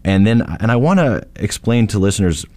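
A man from interviewing a guest on public radio, speaking in a measured way and laying things out for listeners. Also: fairly low pitch, animated, dark tone.

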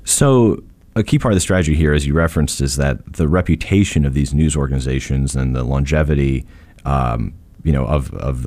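Deep-voiced man interviewing on radio. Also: a little mellow. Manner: measured, explains for listeners.

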